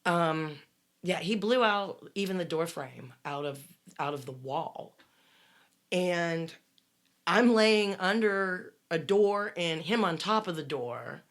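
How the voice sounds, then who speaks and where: A middle-aged woman telling a dramatic personal story on a podcast, swearing freely and rising to loud bursts. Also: lowish voice, expressive, takes it slowly. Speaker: guest telling her story.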